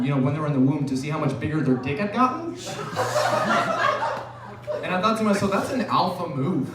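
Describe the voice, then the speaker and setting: A young man with a high voice works through a rambling, profane stand-up set on a bar stage. He is caught from far off by the camera, so the room's echo comes through along with the noise of the audience. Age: 20s. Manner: loose, rambling, profane delivery. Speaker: stand-up comedian. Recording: roomy, distant bar recording with crowd.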